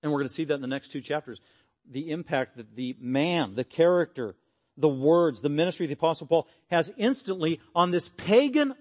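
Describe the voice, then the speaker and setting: An earnest, animated man preaching a sermon and closing in prayer. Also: sits high. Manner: earnest, animated, acts out quotes.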